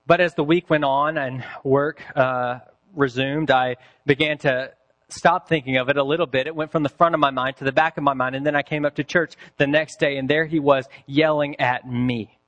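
A man preaching a sermon, telling a story with deliberate pacing and dramatic pauses. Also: mid-range voice, fairly even intonation, a bit bright, muffled recording. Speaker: pastor.

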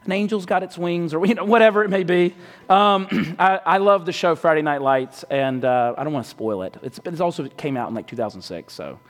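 A man preaching a sermon in a conversational way, often dropping quiet to stress a point. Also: on the high side, brisk. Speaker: pastor. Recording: long hall reverb.

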